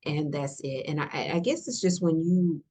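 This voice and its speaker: A woman's voice: deep voice, moderate pace. A woman guest on a podcast, speaking earnestly and emotionally, repeating herself and dropping into near-whispers as she encourages listeners. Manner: earnest, repetitive, softly emotional, drops to whispers. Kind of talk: heartfelt conversational encouragement.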